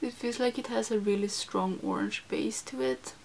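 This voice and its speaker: A woman's voice: on the high side, moderate pace, creaky, a little hiss or hum. Chatty young woman doing a makeup vlog. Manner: chatty, self-deprecating, many fillers, drops into soft whispers while applying makeup. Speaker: beauty vlogger. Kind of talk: casual makeup tutorial chat.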